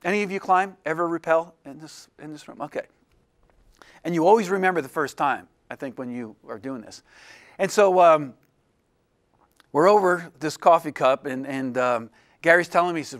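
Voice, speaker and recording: A man, an illustration professor, telling a personal story in a lecture to a room of students, animated and self-deprecating, acting out the voices of the people in it. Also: on the high side, normal speed.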